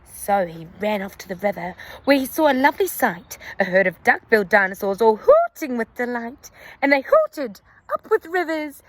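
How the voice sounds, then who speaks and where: A woman's voice: on the high side, normal speed, no room sound. Sing-song woman reading a picture book. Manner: animated, sing-song, addresses the listener. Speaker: storyteller for children. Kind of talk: picture book read-aloud.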